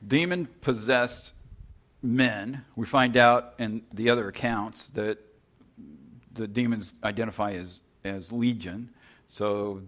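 A man with a low voice delivering a Bible teaching in a conversational, storytelling manner. He often restarts his phrases as he works toward his point. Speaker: preacher.

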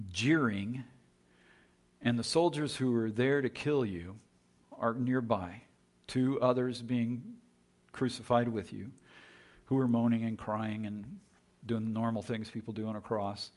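A man preaching a sermon, telling a story with vivid quoted voices, swinging between loud emphasis and hushed near-whispers. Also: mid-range voice, slightly rough. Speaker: pastor.

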